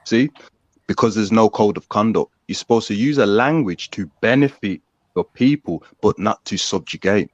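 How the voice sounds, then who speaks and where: A man with a very deep voice hosts an online panel and makes his points in a slow, lecturing way. His audio is dry and dull, as if it came over a call. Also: a little mellow, no echo. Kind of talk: casual panel discussion.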